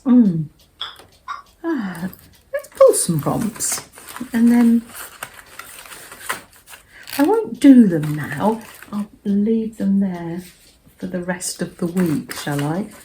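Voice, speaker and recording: An older English woman hosting a cozy craft vlog, talking in a gentle, rambling way that often drops to a soft murmur. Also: medium pitch, expressive, drawn-out words, pauses often, a little hiss or hum. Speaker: craft vlogger.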